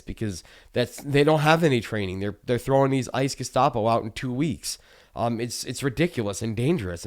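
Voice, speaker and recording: A man hosting his own political commentary show, speaking urgently and earnestly with frequent ums and uhs. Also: mid-range voice. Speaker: host of news commentary show.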